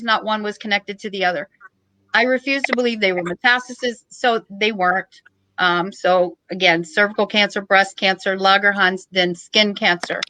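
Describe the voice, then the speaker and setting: A middle-aged woman, a podcast guest, telling a story in a joking, lively way. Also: medium pitch, poor audio. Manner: joking, animated storytelling with laughs. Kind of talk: casual storytelling.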